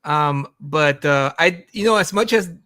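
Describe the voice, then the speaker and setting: A man's voice: on the high side, unhurried, dry recording, studio quality. A man hosting a live stream, chatting casually with restarts and easy laughter. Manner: relaxed, laughing, frequent restarts and fillers. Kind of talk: casual chat about comics.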